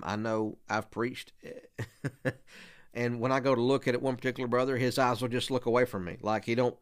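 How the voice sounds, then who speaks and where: A man who preaches, giving an earnest, conversational teaching talk to other preachers, often restarting and repeating words. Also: medium pitch.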